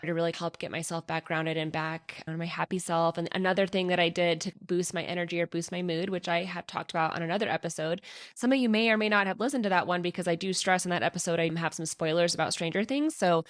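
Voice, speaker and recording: A woman podcaster talks candidly to her listeners in a slightly low voice and is close to tears at times. Her talk is frank and heartfelt, with a lot of "like" and "right?" The recording is dry and close, with no room sound. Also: fairly even intonation, fast, dry recording. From Colorado, USA. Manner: candid and emotional, talking through tears. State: tearful at times. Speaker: podcast host. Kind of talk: personal podcast monologue.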